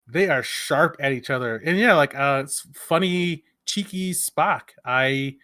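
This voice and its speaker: A man's voice: a little high, unhurried, pushed and bright, dry recording, clean studio sound. A man co-hosting a casual podcast chat, speaking eagerly but hesitantly, with many fillers and restarts. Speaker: podcast co-host.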